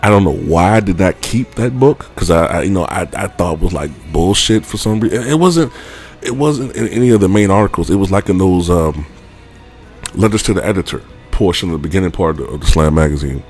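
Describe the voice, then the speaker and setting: A man's voice: low voice, fairly quick, a little mellow, soft background music. A man vlogger telling a personal story in a rambling, casual way, full of fillers and offhand swearing.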